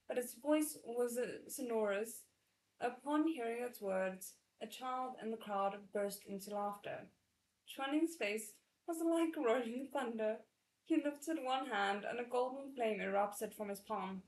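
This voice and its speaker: A woman reading a novel aloud for her channel, often breaking off to react with excited, chatty comments. Her voice sits fairly high. The room around her is noticeably echoey. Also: slight background noise. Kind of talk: readalong narration with chatty asides.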